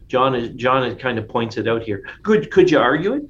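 Man, Bible study teacher, enthusiastic, conversational, mid-pitched, muffled recording. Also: very animated, fairly quick, fairly bright tone. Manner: enthusiastic, conversational, frequent restarts. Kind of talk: casual Bible study chat. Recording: dull lo-fi sound with faint noise.

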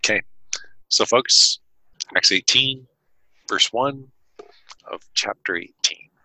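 A man's voice: fairly low pitch, slow, pushed and bright, no room sound, rough recording. A man co-hosting a casual Bible study chat, who reads passages aloud and jokes between them. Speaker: co-host reading scripture.

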